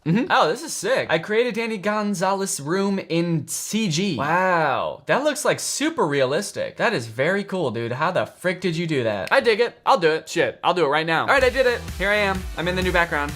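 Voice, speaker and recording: A young man casually reacting to fan posts, with a deadpan, sarcastic and playful delivery. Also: sits high, normal speed, soft background music. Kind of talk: casual comedic commentary.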